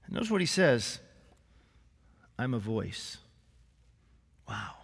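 A male senior pastor preaching a sermon in a church, animated and lively, with humorous asides and acted-out quotes. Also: mid-range voice, slow pace, slightly rough. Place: church sanctuary. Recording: live church recording with long hall reverb.

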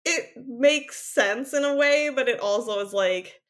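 A high-voiced woman speaking at a measured pace recaps a TV episode as a podcast co-host, animated and casual, full of "like" and frequent laughter.

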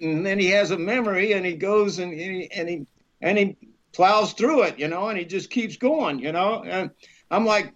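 A middle-aged man with a fairly high voice tells stories in a relaxed chat, acting out everyone he quotes. He laughs often as he talks. The sound is muffled and lo-fi. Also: moderate pace. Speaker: actor guest. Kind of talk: casual storytelling interview. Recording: dull lo-fi podcast audio.

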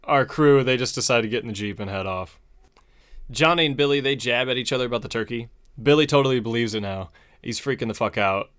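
Male host, easygoing and foul-mouthed, plot-recap delivery at an ordinary pitch. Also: fast talker, a bit bright, clear, resonant tone. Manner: profane, laid-back retelling with chuckles. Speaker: podcast host. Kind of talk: casual movie recap.

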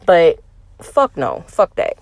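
A woman's voice: lowish voice, slow pace, creaky, no echo. Blunt, profane woman podcast host. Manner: blunt, profane, animated ranting with laughs. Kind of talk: casual solo podcast talk.

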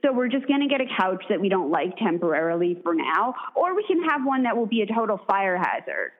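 A woman's voice: mid-range voice, sing-song, brisk. A woman co-hosting a casual chat, giving her opinions freely with lots of "like". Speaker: podcast co-host. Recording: phone-like narrow sound.

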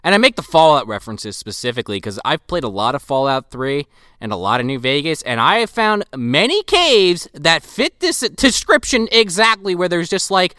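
A man recapping movie scenes in casual chat with friends, animated and profane. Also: a little high, normal speed, no room sound, studio quality.

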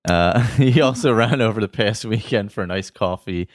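A man hosting a casual podcast, reading out listener shout-outs in a relaxed, rambling way with many fillers. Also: fairly low pitch, normal speed, no echo, clean studio sound. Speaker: podcast host.

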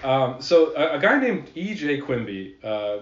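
A man talks through history at an easygoing pace, with many fillers and casual swearing. His mid-pitched voice echoes in a roomy space, and the sound is a little muffled. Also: sing-song, measured pace, distant mic. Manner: rambling with fillers, swears, laughs easily. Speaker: podcast guest presenting transit history. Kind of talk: casual podcast chat. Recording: echoey room, slightly dull sound.

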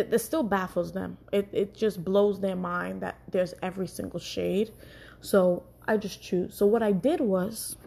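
A young woman telling an animated, profane story in a casual way. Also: medium pitch, vocal fry, breathy edge.

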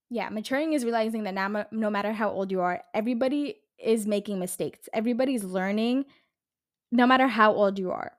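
A podcast host in her twenties from the Los Angeles area, her voice a little high, chats casually on her solo show. She rambles, swears freely, and uses "like" and "literally" constantly.

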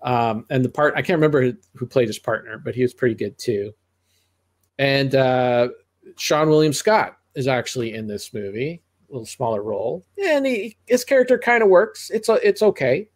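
A man's voice: mid-range voice, animated, moderate pace. Rambling middle-aged man reviewing movies. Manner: rambling, with frequent restarts and asides. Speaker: podcast co-host reviewing movies. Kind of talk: casual movie-review chat.

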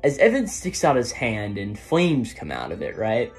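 A man's voice: medium pitch, huge pitch swings, normal speed, faint music behind. A man casually recapping a manga chapter, rambling with many "um"s and "right?"s as he paraphrases the characters' lines. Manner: rambling, heavy on fillers like "um" and "right?". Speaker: manga reviewer.

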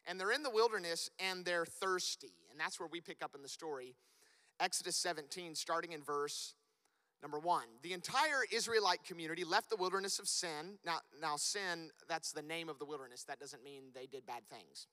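High, bright-voiced preaching man. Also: moderate pace, smooth. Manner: animated, building to loud emphatic peaks. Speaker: pastor. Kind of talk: sermon. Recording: long reverb of a church hall.

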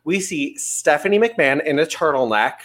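A man's voice: on the high side, expressive, normal speed, a bit bright. A young man co-hosting a casual podcast chat, playful, laughing often and acting out quotes. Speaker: podcast co-host.

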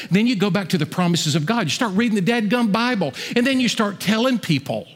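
Man, middle-aged, pastor, sermon, animated, fairly high voice, long hall reverb. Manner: animated preaching, swings from loud to hushed.

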